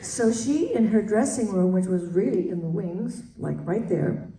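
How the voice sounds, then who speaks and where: Older woman, lively storytelling voice, roomy hall, far from the mic. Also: mid-range voice, measured pace. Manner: animated storyteller, laughing. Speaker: guest. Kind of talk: anecdote on stage.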